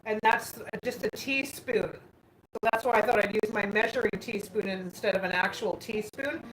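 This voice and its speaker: This woman livestreams casually from her home kitchen using a phone, reading out viewer comments and answering them as she chats. Her voice sits in the mid-range, a little bright, at a moderate pace, and the room sounds echoey with a faint hum behind her.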